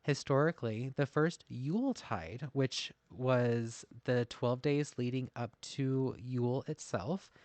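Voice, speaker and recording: Reading from his notes on a laid-back podcast, this male co-host is slow, rarely pauses, and has a slightly mellow mid-range voice. He pokes fun at himself and laughs a lot. The recording is dry, made through a masked mic.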